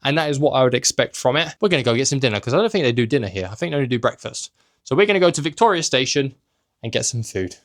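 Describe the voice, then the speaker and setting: A young travel vlogger and host gives a joking, casual tour of a small hotel room on a handheld camera, tossing in offhand asides. His medium-pitched voice is a bit bright, with lively intonation, and he races along.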